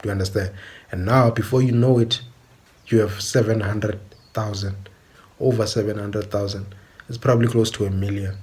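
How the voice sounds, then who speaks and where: A man's voice: on the low side, steady tone, moderate pace, a little mellow. A man giving an insistent opinionated monologue, often checking that the listener understands. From South Africa. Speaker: commentator.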